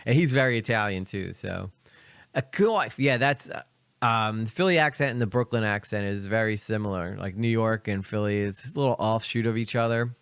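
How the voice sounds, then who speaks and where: A man's voice: lowish voice, moderate pace, fairly bright tone, clear, resonant tone, no room sound. A young man from Philadelphia with a light Philly accent, rambling casually through live reaction commentary. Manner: rambling, chatty, many fillers and asides. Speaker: streamer reacting to videos.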